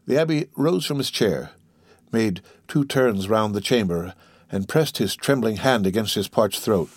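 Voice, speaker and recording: Steady male audiobook narrator, dry sound. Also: on the low side, a little slow, husky, no room sound.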